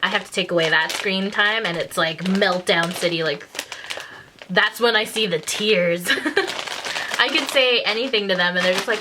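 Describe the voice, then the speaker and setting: A woman's voice: mid-range voice, moderate pace, background noise. A woman, telling stories casually on her vlog, laughing often and acting out the voices in them. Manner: chatty, laughs often, acts out quotes. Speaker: vlogger. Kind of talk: casual confessional storytelling.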